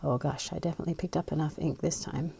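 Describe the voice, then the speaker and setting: An Australian woman chatting casually and rambling as she swatches inks, with soft murmured asides. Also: low voice, steady tone, fast talker, creaky, slight background noise. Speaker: fountain pen ink vlogger.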